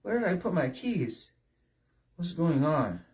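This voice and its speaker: A man's voice: a little high, sing-song, darkish tone, voice pushed up. Man putting on a dazed, worn-out man. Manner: halting, bewildered questions. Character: dazed exhausted man, confused and breathless.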